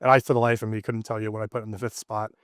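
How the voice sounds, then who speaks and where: A man's voice: lowish voice, flat delivery, racing, dry recording, clean studio sound. A man in his thirties, the guest in an interview, telling a personal story casually with many fillers and restarts. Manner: rambling, lots of fillers and restarts.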